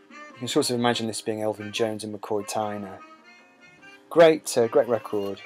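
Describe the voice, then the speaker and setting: A man talks casually about records in a fairly low voice, pausing often with ums and uhs as he rambles. Faint jazz plays in the background behind him. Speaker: host. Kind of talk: casual music talk. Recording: music playing behind.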